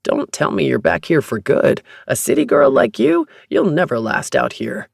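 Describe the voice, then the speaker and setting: A narrator voicing a cocky young man who teases his brother in a snarky, defensive way, with a gravelly, animated delivery. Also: mid-range voice, moderate pace, dry recording, clean studio sound, exaggerated voice. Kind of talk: audiobook narration.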